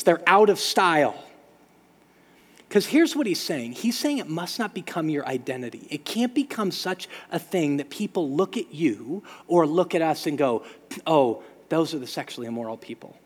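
A man preaching a sermon as pastor, telling stories with lively sound effects. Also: sits high, breathy edge, long reverb tail. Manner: storytelling, animated with sound effects.

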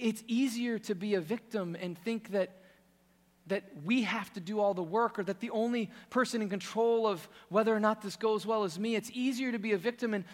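A man preaching a sermon with passion, swinging from loud emphasis to hushed intensity. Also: sits high, long reverb tail.

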